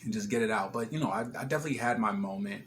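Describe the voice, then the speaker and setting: A man vlogging at home, retelling a kitchen fire in an animated, swearing, laughing way, still shaken. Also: lowish voice, very fast, slight background noise. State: shaken after a scare. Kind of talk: casual storytelling vlog. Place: apartment kitchen, smoky.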